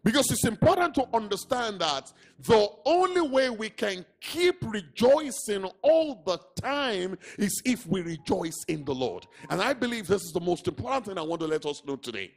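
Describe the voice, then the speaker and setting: A man's voice: high-pitched, big pitch swings, normal speed, vocal fry, hardly any pauses. A man with a Nigerian English accent preaching a sermon as pastor, emphatic and repeating words for stress. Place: church.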